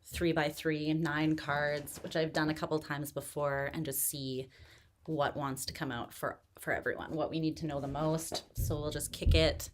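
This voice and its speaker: A woman hosting a tarot live stream, chatting in a relaxed, rambling way with many fillers, still recovering from pneumonia and pacing herself to catch her breath. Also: low-pitched, a little hiss or hum. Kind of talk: casual live-stream chat.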